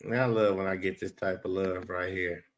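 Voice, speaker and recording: A man's voice: low-pitched, little pitch movement, moderate pace. A man hosting a live stream, rambling, profane and blunt as he talks back to his chat. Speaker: livestream host.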